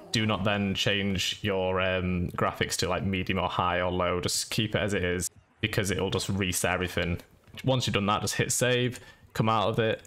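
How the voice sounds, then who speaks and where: A man talks through a game settings guide in a flat, monotone way. His voice sits very low, and the delivery is casual and unhurried. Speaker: gaming YouTuber. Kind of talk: screen-recorded how-to voice-over.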